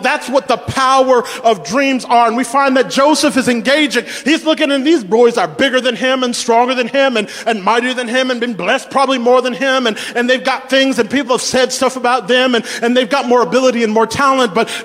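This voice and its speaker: Guy pastor preaching w a really high voice, echo hanging long in the church, keeps asking the crowd stuff. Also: a bit bright. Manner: preaching with rhetorical questions to the congregation; repeats words as he builds each point. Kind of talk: sermon.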